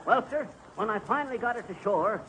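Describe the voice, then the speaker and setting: A boastful rambling yarn-spinner, 1930s radio comedy, high voice, noisy old broadcast. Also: male voice, lively intonation, fairly quick, pushed and bright. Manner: folksy, bragging, rambling. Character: boastful tall-tale-telling middle-aged man. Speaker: comic storyteller.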